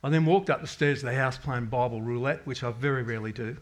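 A middle-aged man sharing a personal faith testimony with his congregation. He rambles candidly, doubling back on his words, and his pitch sits in an ordinary middle range for a man. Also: quick pace. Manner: rambling, candid storytelling with many restarts and self-quotes. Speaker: parish member giving a testimony.

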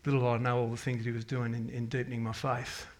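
A man's voice: mid-range voice, level tone, quick pace. A middle-aged man, giving a rambling, candid personal faith testimony to his congregation, full of restarts and quoted prayers. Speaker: parish member giving a testimony.

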